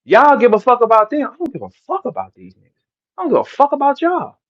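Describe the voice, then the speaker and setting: Fiery, preachy St. man, high-pitched. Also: huge pitch swings, fast talker, fairly bright tone, lo-fi sound. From St. Louis, Midwest US. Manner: fiery, preachy, profane, lecturing. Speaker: battle rapper ranting to listeners. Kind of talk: heated livestream rant.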